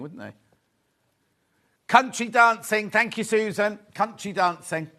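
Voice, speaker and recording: Chatty, excitable man. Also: fairly high pitch. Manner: chatty, excitable, gasps and teases crew. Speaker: shopping show host. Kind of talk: live sales presenting, chatty.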